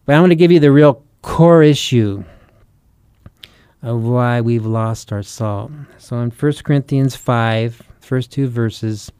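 A man teaching in a sermon style, his voice mellow and warm. The sound is smooth and resonant, recorded dry and close. He presses his points with earnest urgency and a string of rhetorical questions. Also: mid-range voice, takes it slowly, no echo. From United States. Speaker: Christian author and preacher.

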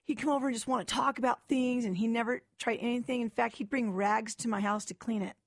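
Talk-show guest, young adult woman, slightly high voice, dry close sound; animated testimony with acted-out quotes. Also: fast talker, no room sound. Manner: animated storyteller, acts out quoted dialogue.

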